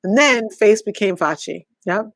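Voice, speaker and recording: Midlife woman coach, mid-pitched, reflective and questioning, dry close sound. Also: expressive, moderate pace, no echo. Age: middle-aged. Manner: reflective, poses questions, laughs often. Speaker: podcast co-host and coach. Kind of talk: casual chat.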